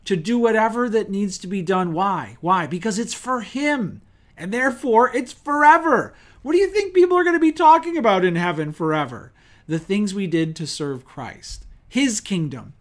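Lively conversational male preacher. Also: sits high. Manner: lively, conversational preaching with rhetorical questions and acted-out quotes. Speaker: pastor. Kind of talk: sermon.

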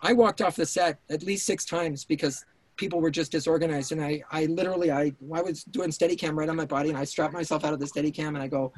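Male guest, intense storyteller, a bit high-pitched, dry close sound, swears and restarts a lot, remote call. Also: quick pace, dry recording. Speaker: writer-director guest. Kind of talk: casual interview storytelling.

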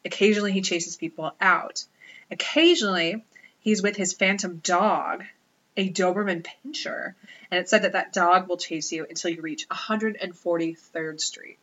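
Bright, wry woman co-hosting a podcast. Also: fairly low pitch, fairly even intonation, normal speed, lo-fi sound. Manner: storytelling, wry and joking. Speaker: podcast co-host. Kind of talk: casual chat.

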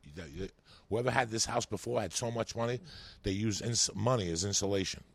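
Gravelly, husky New storyteller. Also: male voice, on the low side, fairly quick, no room sound. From New York. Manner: animated, swearing, rambling. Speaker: comedian guest. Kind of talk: profane podcast storytelling.

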